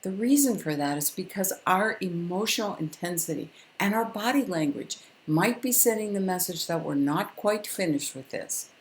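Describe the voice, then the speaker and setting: Older lady giving a parenting lesson, calm and firm, lowish voice, echoey room. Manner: calm, firm and instructive, with deliberate pauses. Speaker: parenting educator. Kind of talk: direct-to-camera parenting lesson.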